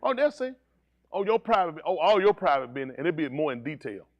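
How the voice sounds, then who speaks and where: A male pastor preaching a sermon, swinging between low, steady teaching and high, shouted preaching, teasing members of his congregation. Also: quick pace, dry recording, dull audio.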